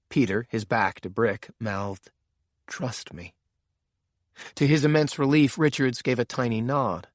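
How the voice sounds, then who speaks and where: A man's voice: fairly low pitch, no room sound. Dry-voiced male audiobook narrator.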